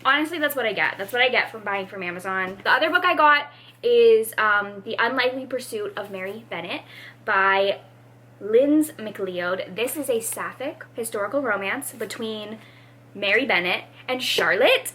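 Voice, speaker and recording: Bright-voiced, animated young woman vlogger. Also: on the high side, moderate pace, a little hiss or hum. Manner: animated, dramatic, many fillers. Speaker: book vlogger. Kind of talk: casual vlog chat.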